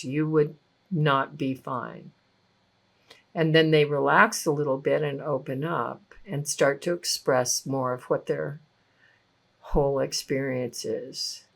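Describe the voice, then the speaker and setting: An older woman giving a thoughtful teaching talk on listening, speaking with gentle emphasis. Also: sits low, gravelly. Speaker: relationship teacher.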